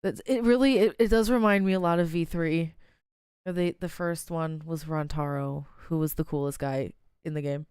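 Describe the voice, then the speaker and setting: A woman's voice: low-pitched, normal speed, darkish tone, clear, resonant tone, no echo, studio quality. A woman streamer reacting live to a fan game, exclaiming often, laughing and sighing between her remarks.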